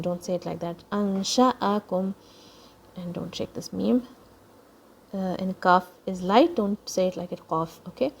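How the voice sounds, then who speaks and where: Woman slowly modeling recitation for kids. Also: on the low side, vocal fry, darkish tone. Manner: patient, explains step by step and models each word slowly; repeats words slowly for children to copy. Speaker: Quran recitation teacher. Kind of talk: children's tajweed lesson.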